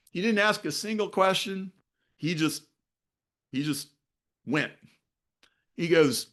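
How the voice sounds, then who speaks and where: In an online video meeting, a discussion leader tells a personal story to his group, animatedly acting out the lines of the other people in it. His voice is a little high, and he goes slowly with long pauses.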